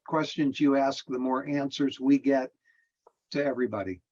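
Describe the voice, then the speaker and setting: A man's voice: mid-range voice, steady tone, moderate pace, a little mellow. A man runs a support group over a video call, encouraging and appreciative toward the members. His voice comes through dull lo-fi call audio.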